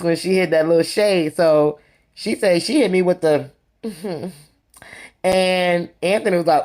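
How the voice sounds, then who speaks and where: A mid-pitched vlogger recaps reality TV episodes in a loose, gossipy style. The delivery is sassy and conversational, full of asides to the viewers as "you guys" and "honey." The voice leaps up with excitement, then drops low for side comments. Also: measured pace. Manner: lively, swings between excited highs and low asides.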